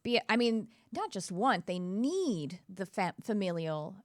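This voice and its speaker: A woman's voice: medium pitch, very animated, unhurried, no echo, clean studio sound. A woman hosting a podcast, talking earnestly in casual conversation and often correcting herself mid-sentence. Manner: earnest, reflective, with frequent self-corrections. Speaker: podcast host.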